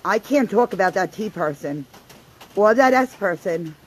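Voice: mid-range voice, animated, normal speed, husky, low-quality recording. A vlogger mimicking an online personality who keeps repeating, in a sulky way, how hurt and upset they are. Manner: repetitive, sulky complaining.

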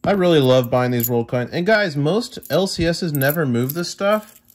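A man's voice: on the high side, lively intonation, moderate pace. A young man in casual chat with his viewers, easily amazed and talking to them directly as he sorts through coins. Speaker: coin collecting vlogger.

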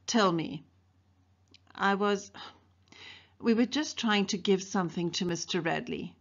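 A woman's voice: on the low side, measured pace, gravelly, long pauses, muffled recording. A woman English teacher from South Africa reading a novel aloud to her students, lifting her voice for the characters' dialogue. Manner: reads dialogue in brighter, livelier voices for the characters.

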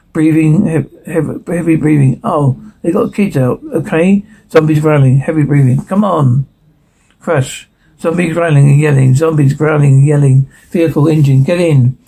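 A man's voice: on the high side, vocal fry, mellow, husky, rough recording. A man reading a TV drama script aloud, speaking every part himself and also reading the sound cues, with frequent stumbles and restarts. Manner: plain read-through with stumbles and restarts, little voice change between characters. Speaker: radio show host reading a screenplay.

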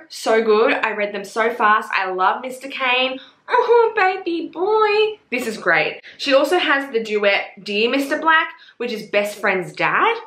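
A young woman, talking bluntly and excitedly about books in a casual, sweary vlog. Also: on the high side. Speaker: book reviewer. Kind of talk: casual book recommendation vlog. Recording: roomy echo.

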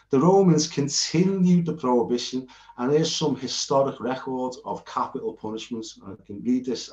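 A British man talks through his notes in an informal, earnest lesson, rambling and often restarting mid-sentence. His voice sits at an ordinary middle pitch. The sound is roomy and somewhat dull, like a lo-fi home recording. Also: a little mellow. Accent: British English. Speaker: Bible teacher. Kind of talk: informal lecture while sharing notes on screen.

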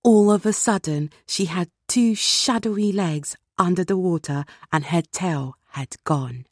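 A woman reads a children's storybook aloud with measured, expressive narration. Her voice is low and breathy, and the recording is close and completely dry. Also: dry recording. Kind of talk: scripted read-along narration.

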